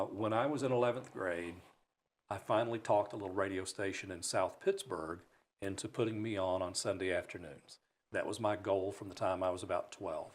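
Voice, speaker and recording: Guest spot: man from Alabama, lowish voice, animated self-mocking storyteller in a studio. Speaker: broadcaster guest. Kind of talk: storytelling in a talk show interview. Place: radio studio.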